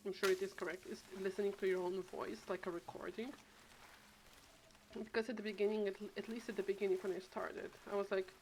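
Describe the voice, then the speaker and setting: A woman streaming a game, chatting casually and thinking aloud with many restarts and trailing thoughts. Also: medium pitch. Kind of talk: casual gameplay chat. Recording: steady background noise.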